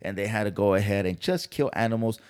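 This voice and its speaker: A man's voice: on the low side, quick pace, a little mellow, clear, resonant tone. A man hosting a podcast, ranting in a casual, heated and profane way. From California. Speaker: podcast host. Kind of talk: casual commentary.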